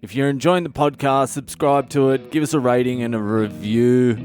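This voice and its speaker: A man hosting a comedy podcast, telling a story as a blunt, profane and animated monologue. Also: mid-range voice, moderate pace, over music.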